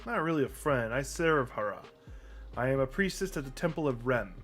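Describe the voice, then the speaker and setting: A man voicing a formal young priestess in a game with a put-on Russian accent, speaking slowly. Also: mid-range voice, expressive, a bit bright, faint music behind. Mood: solemn. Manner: slow and formal.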